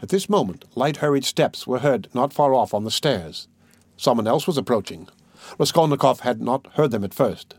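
A man reads a classic novel aloud in a steady, measured way, at a mid pitch. The recording is dry and close, with no room sound. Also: slightly rough, no echo. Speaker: audiobook narrator. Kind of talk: scripted narration.

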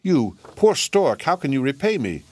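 A man reading a storybook voices a tender-hearted young prince in a soft, pitying tone. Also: mid-range voice, very animated, moderate pace, slightly rough, pitched above the performer's own voice.

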